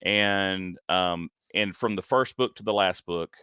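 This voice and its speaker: A man's voice: sits low, a little slow, sharp tone, clear, resonant tone, dry recording, clean studio sound. A man in his forties co-hosting a comic podcast, talking casually with lots of ums and restarts. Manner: hesitant, many ums and restarts. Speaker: podcast co-host. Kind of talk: casual comic review chat.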